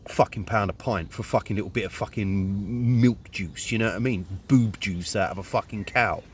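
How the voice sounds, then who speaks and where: In a lowish voice at a normal speed, with a little hiss or hum, a man from Luton speaking with a Luton accent launches into a rambling, indignant monologue laced with constant swearing.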